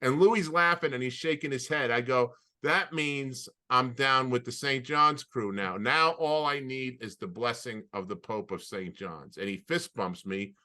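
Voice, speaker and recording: A man with a bright, forceful voice co-hosts a casual podcast over a video call. He spins animated anecdotes, often stopping and restarting mid-sentence as he goes. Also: medium pitch, measured pace, hardly any pauses. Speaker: podcast co-host. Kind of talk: casual storytelling chat.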